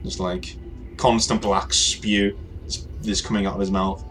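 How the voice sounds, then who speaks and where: Low-voiced man running a tabletop game. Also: flat delivery, a bit bright, soft background music. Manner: halting, filler-heavy narration. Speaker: game master.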